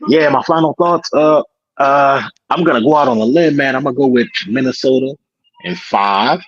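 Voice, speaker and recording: A man's voice: mid-range voice, moderate pace, slightly rough, highs cut off. A man giving his final thoughts on a sports panel, hesitant with many fillers. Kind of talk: casual sports talk.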